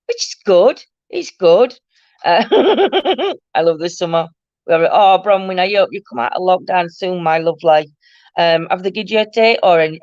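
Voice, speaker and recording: A woman's voice: fairly low pitch, darkish tone, no room sound, dull audio. A woman hosting a paranormal live stream from home, chatting casually and reading out viewer comments, teasing and laughing often.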